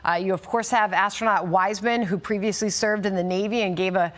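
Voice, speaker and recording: A woman's voice: mid-range voice, steady tone, brisk, fairly bright tone. Woman anchoring a live news show.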